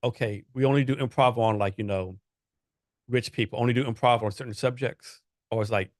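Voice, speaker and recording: A man's voice: mid-range voice, steady tone, brisk, no room sound, clean studio sound. A man hosting a podcast in casual chat, asking long rambling questions full of fillers. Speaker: podcast host.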